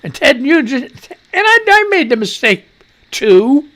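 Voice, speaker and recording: A man's voice: extremely high pitch, very animated, unhurried, sharp tone. A man hosting a radio show, reading news items and breaking off into crude, mocking asides. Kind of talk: casual news commentary.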